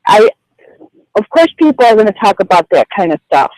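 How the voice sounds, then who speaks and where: A woman's voice: mid-range voice, sing-song, brisk, a little mellow, no room sound, rough recording. A woman calling in by phone to a radio show, telling what happened to her in a flustered, rambling way with many fillers. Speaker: caller. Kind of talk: telling a personal story on air. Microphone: phone call.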